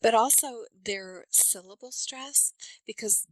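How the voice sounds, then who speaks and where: A woman accent coach, speaking as a podcast guest and explaining things with lively examples. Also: on the high side, slow pace, no echo, rough recording. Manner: animated storyteller, explains with examples. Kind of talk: podcast interview.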